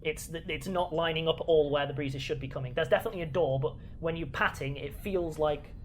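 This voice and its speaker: A woman's voice: low-pitched, fairly quick, a little hiss or hum. A woman narrating as game master of a tabletop game, chatty and full of restarts.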